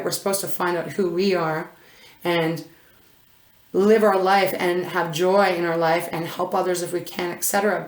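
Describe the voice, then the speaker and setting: A woman's voice: lowish voice, reverberant. A woman reading tarot in a casual, effusive way, gushing over each card and rambling with frequent restarts. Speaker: intuitive tarot reader.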